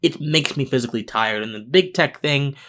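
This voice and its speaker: A man hosts a political commentary podcast, speaking off the cuff at a mid-range pitch. He sounds mentally worn out and slower than his usual pace. Still earnest and impassioned, he stumbles into restarts as he pushes his points. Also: fairly bright tone.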